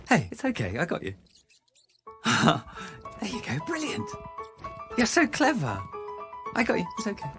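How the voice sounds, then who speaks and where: An actor playing an adult man grooming a small child, speaking softly and coaxingly, then snapping cruelly. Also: medium pitch. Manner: soft coaxing turning to snapping. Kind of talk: ad drama acting. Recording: music playing under the voice.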